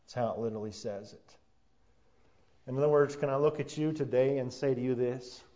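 A man preaching a sermon as pastor, building to loud emphatic peaks and then dropping low and quiet for weight. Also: fairly quick. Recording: dull lo-fi sound.

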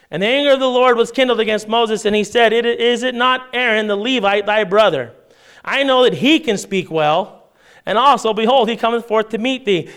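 A man preaching a sermon, reading scripture aloud and breaking off into lively casual asides and paraphrase. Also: extremely high pitch, clean tone.

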